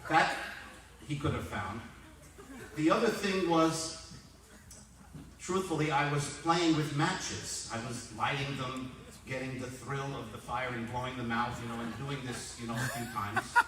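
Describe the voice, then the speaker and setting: A man's voice: mid-range voice, measured pace. A man in his sixties giving a roast speech, telling dry, self-mocking anecdotes. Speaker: roast speaker. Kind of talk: roast comedy storytelling. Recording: echoey hall from far off, loud noise.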